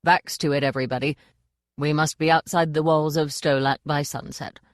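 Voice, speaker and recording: A jovial male actor-manager of a travelling troupe, as a woman narrator reads him, hearty and grandly theatrical. The voice stays low and the audiobook recording is dry and close. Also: fairly even intonation, moderate pace, no echo, natural voice.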